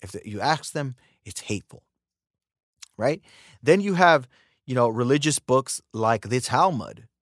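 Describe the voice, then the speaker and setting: An American man hosting a podcast in a casual ranting monologue, animated and emphatic, repeating words for emphasis. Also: mid-range voice, unhurried, long pauses, dry recording, clean studio sound. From United States. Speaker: podcast host.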